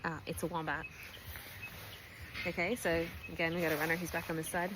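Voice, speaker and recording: A woman's voice: deep voice, flat delivery, fairly quick, long pauses, noisy background. A woman, a race organiser giving a chatty, playful briefing, recorded at a distillery pizzeria. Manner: chatty, playful, self-mocking. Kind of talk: casual race briefing video.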